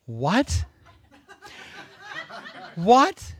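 A man preaching a sermon in an animated, joking way. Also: high-pitched, moderate pace, no echo. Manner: animated, joking, with frequent laughs.

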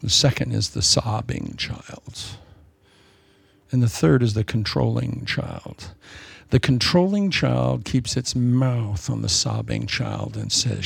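A middle-aged man preaching a sermon, swinging between loud shouts and soft, hushed storytelling. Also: mid-range voice, sing-song, slow pace, vocal fry, husky, dry recording. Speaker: pastor.

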